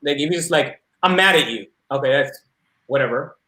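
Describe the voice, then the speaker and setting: A man's voice: a little high, fairly quick, bright, forceful tone. A man talking casually about working with kids and parents, telling anecdotes and acting out what people said. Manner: anecdotal, acts out quoted voices. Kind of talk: casual discussion. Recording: roomy echo.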